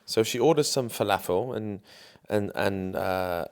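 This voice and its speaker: A young man talks straight to camera, casual and self-assured. His voice sits low, and the story tumbles out in loose, filler-heavy sentences. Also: a little slow. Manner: chatty, confident, lots of fillers. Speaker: dating coach.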